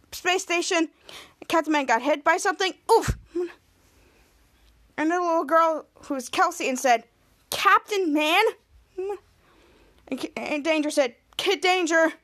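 Excitable high-voiced woman podcaster. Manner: excitable and rambling, with many restarts. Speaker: podcast host. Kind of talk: casual episode recap.

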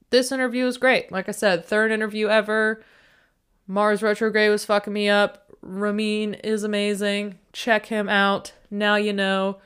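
A woman's voice: medium pitch, fairly bright tone, smooth. A woman hosting a podcast, introducing her guest in a chatty, playful, self-deprecating way. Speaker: podcast host. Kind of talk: casual podcast intro monologue.

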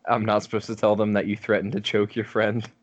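A man's voice: fairly low pitch, level tone, a little fast, no room sound. A man co-hosting a podcast, chatting casually and teasing his friends with lots of fillers. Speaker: podcast co-host. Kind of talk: casual chat.

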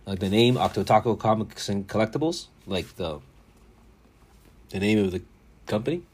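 Male solo podcaster, lowish husky voice, casual rambling delivery with profanity. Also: lively intonation, moderate pace, darkish tone. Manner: rambling, joking, swearing, spells things out. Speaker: podcast host.

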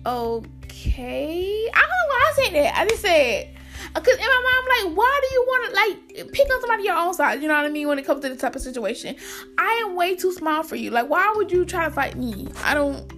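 A young woman with a high voice, telling a storytime in a chatty, slangy way. She speaks straight to her viewers and calls them y'all. Faint music plays underneath. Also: very animated, a little fast, pushed and bright. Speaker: vlogger. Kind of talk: casual storytime.

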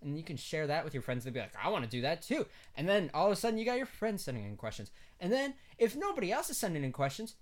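Playful young man, higher voice. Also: big pitch swings, fast talker. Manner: playful, laughs often, jokey. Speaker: podcast co-host. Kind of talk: casual podcast chat.

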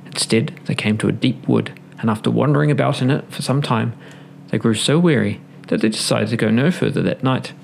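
Gravelly male storyteller. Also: mid-range voice, a little fast, a little hiss or hum. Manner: expressive storybook narration. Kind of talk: fairy tale read-aloud.

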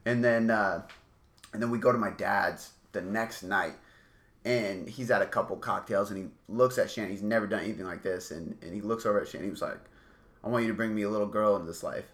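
A man's voice: fairly low pitch, fairly even intonation, fairly quick, fairly bright tone. A man telling a rambling, swear-filled story in a casual chat. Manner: rambling, swears a lot, many likes and rights.

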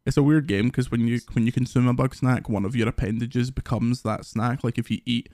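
A Scottish man hosting a podcast, telling lively, sweary stories in casual chat. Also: medium pitch, brisk, no room sound, studio quality. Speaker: podcast host.

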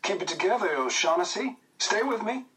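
A man's voice: high-pitched, lively intonation, sharp tone, far from the mic, pitched above the performer's own voice, poor audio. Man voicing a joking young pilot. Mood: coaxing. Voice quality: brisk, teasing, dry wit. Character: cheerful young Englishman, wartime pilot, joking. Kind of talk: audiobook character voice.

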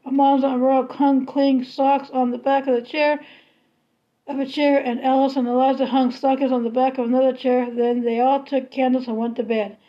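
A woman reading a children's novel aloud in a steady, unhurried storybook manner. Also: high voice, dull audio. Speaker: reader.

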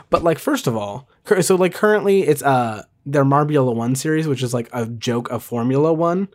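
A man's voice: mid-range voice, a little mellow. Rambling casual podcast host, man. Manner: rambling, many fillers and restarts; self-deprecating, talks fast. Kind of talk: casual solo podcast chat.

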